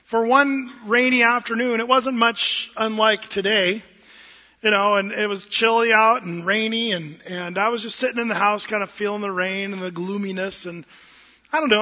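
A man preaching a sermon as a pastor, telling a folksy story with gentle self-deprecating humor. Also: high-pitched. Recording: dull lo-fi sound with long hall reverb.

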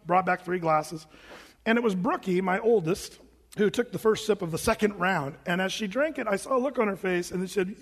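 A middle-aged male pastor telling a personal story in a sermon, animated and acting out the voices of his family. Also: sits high, normal speed, big-room sound.

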